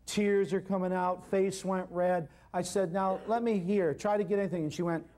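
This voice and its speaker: High-voiced man telling a lively story. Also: normal speed. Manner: animated storyteller, addresses audience directly. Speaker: natural healing speaker. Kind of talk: storytelling seminar talk. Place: seminar hall with audience.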